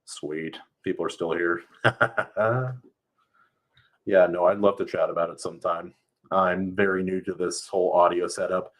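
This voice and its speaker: A man's voice: deep voice, fairly even intonation, a little slow, long pauses, fairly bright tone. A man reading a novel aloud on a live stream and chatting casually with viewers, laughing often.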